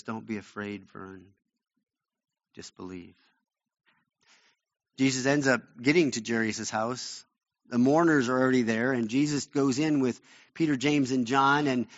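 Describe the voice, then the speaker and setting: A male pastor preaching a sermon, retelling a Bible story in an earnest, conversational way. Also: mid-range voice. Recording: dull lo-fi recording.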